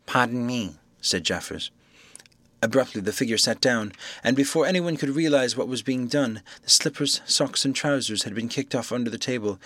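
A man reading an audiobook chapter aloud in scripted narration, lifting his voice sharply whenever characters shout. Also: medium pitch, no echo. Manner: lively, raises his voice for shouted dialogue. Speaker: audiobook reader.

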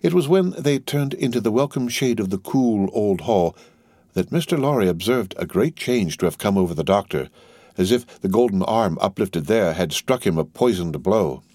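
Man, audiobook narrator, deep low voice, measured steady reading, dry close recording. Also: no echo. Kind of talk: scripted narration.

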